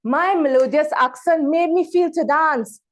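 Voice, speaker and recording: A woman from Trinidad and Tobago, giving a prepared speech over a video call and pausing dramatically between words. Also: sits high. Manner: dramatic pauses, emphatic word-by-word delivery. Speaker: club member giving a speech.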